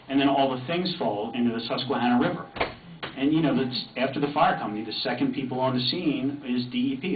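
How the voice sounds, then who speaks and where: Hedging man in an echoey meeting room. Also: mid-range voice. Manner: hesitant, lots of hedging fillers. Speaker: insurance representative. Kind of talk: public meeting discussion. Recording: distant, echoey, tinny, noisy.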